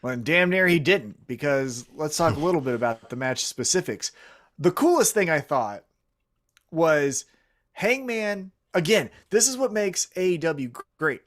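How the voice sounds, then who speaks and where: A man's voice: a little high, fairly bright tone. A man co-hosting a podcast, telling stories in a rambling, profane casual chat. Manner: rambling storyteller, salty and profane. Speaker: podcast co-host.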